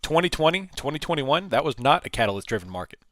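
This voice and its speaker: A man's voice: fairly high pitch, sing-song, quick pace, a bit bright. A man hosting a live trading stream, talking casually and thinking aloud, often repeating and restarting his phrases. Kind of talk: casual live market commentary.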